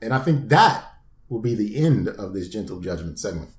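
A man's voice: lowish voice, very animated, moderate pace. A man co-hosting a podcast, steadily running the segments in casual chat. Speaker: podcast co-host. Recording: roomy podcast recording.

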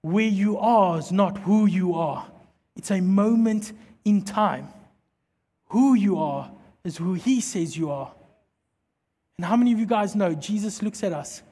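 A pastor preaching a sermon with emphatic delivery that drops to soft, intense tones when he prays. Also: high voice, a little slow, long pauses, breathy edge. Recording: hall reverb.

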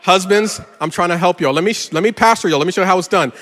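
Animated male pastor, high voice, echoing hall. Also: fast, hardly any pauses. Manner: animated, gets louder and higher telling a story. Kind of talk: sermon with storytelling. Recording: reverberant hall.

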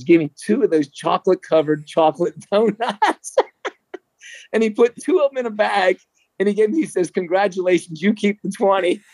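A middle-aged man from New Jersey, a former marathon runner, telling a story in a chatty, animated way. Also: sits high, no echo, rough recording. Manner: animated, chatty, frequent restarts and laughs. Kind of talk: casual storytelling.

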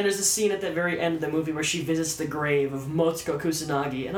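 A man's voice: a little high, fast, few pauses. A man casually ranting about a movie on a podcast, swearing a lot and acting out scenes in mocking voices. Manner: animated, swearing, acts out lines in mocking voices. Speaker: podcast co-host. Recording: echoey room with faint background noise.

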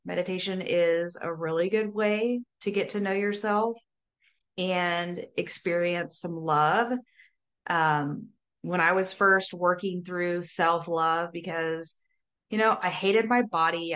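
A woman talking casually as a sober coach guest, lively, full of fillers and acted-out quotes. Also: lowish voice. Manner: animated, says "like" often, acts out quotes. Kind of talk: casual interview talk.

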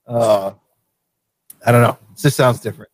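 An easygoing man from Vermont hosts a casual live chat show and laughs often. His voice sits at a middle pitch and sounds close and dry, with no room around it. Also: dry recording. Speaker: show host.

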